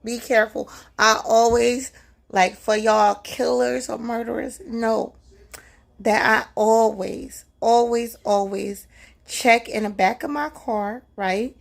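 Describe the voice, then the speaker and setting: A woman from New Jersey telling a scary story in a casual vlog, excitable, swearing freely and saying "like" and "right?" a lot. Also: fairly high pitch, slow, vocal fry. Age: adult with a son. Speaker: vlogger.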